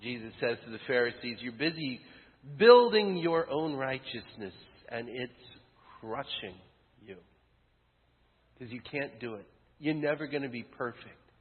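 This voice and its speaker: A man preaching a sermon as pastor, building to loud peaks and dropping to hushed lines. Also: medium pitch, expressive, measured pace. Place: church sanctuary. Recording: thin phone-like sound with long church reverb.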